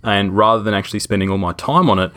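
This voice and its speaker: A man's voice: fairly low pitch, fast, pushed and bright. A man co-hosting a podcast, chatting casually, laughing often and stumbling over his words. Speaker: podcast co-host. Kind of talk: casual chat.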